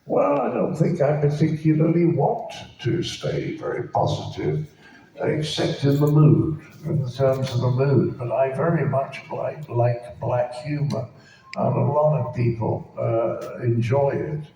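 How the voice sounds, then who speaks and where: A man's voice: mid-range voice, unhurried, creaky, dark tone, distant mic. A man answering audience questions at a convention, with dry, profane comic wit. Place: large convention hall. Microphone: PA system heard through a phone from the crowd. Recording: echoey hall, phone filmed from the audience.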